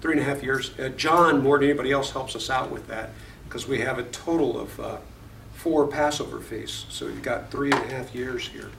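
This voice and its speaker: A man's voice: mid-range voice, moderate pace, creaky, fairly bright tone, a little hiss or hum. A man teaching a Bible study class, reading verses aloud, explaining them and putting questions to the class. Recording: echoey room, voice far from the mic.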